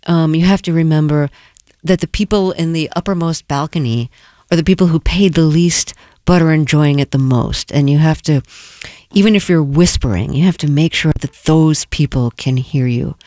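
Woman radio interviewer, mid voice, measured questions, dry studio sound. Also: low voice, darkish tone, dry recording.

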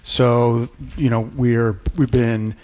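A man's voice: mid-range voice, little pitch movement, slow, darkish tone. Male journalist-author guest, reflective, hesitant, radio talk. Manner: thoughtful, many fillers. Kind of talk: radio panel chat.

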